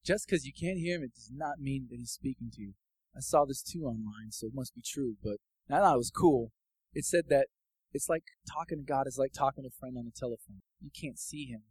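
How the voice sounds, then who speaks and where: A man giving a casual, personal sermon testimony that builds into fervent, loud preaching. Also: mid-range voice, husky, no echo, rough recording.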